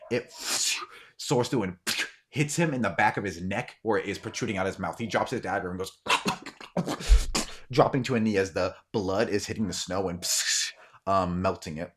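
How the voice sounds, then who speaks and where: A man's voice: sits low, a little fast, slight background noise. A man narrating as game master in a tabletop role-playing game, telling the scene loosely with many ums and sniffs.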